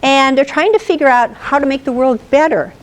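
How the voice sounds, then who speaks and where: A woman's voice: high voice, brisk. A woman giving a playful astronomy presentation to a live audience, telling stories and quizzing the room. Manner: playful, animated, asks the audience questions. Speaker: presenter at an astronomy club talk. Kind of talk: lively storytelling lecture.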